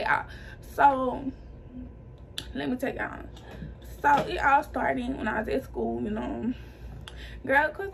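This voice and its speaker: A young woman with a high voice tells her own story to camera in loose, slangy chat, calling her viewers y'all. She brings the people she quotes to life as she goes. A faint hum sits behind her. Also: vocal fry.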